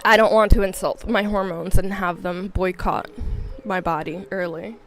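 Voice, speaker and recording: A woman's voice: mid-range voice, fairly even intonation, normal speed, faint music behind. A woman in her thirties streaming a game, talking in a rambling, candid, self-mocking way. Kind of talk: casual chat while gaming.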